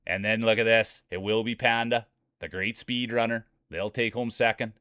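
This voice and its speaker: A man's voice: fairly low pitch, steady tone, normal speed, sharp tone, smooth, no room sound. A man commentating marble races on a live stream, greeting viewers by name and hyping up close finishes. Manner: upbeat, greets chat viewers by name, hypes race finishes.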